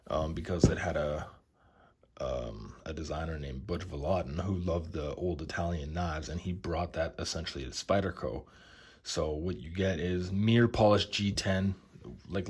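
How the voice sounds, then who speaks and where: A young man casually showing his knife collection, relaxed and enthusiastic, with lots of fillers. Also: sits low, breathy edge. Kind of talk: casual show-and-tell.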